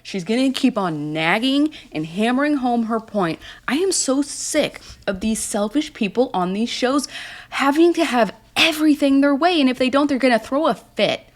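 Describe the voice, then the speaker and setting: A woman's voice: high-pitched, expressive, moderate pace. A woman casually recapping a reality show, blunt, snarky and exasperated.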